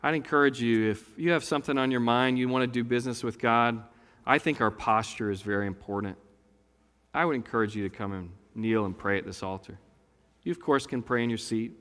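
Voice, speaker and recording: Earnest pastor preaching in an echoey hall. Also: male voice, mid-range voice, brisk, fairly bright tone. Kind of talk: sermon. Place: church sanctuary.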